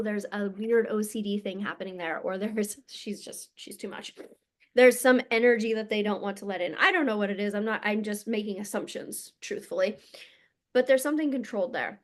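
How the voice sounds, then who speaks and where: A woman healer and coach giving a casual teaching monologue, blunt and emphatic, swearing freely. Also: fairly high pitch.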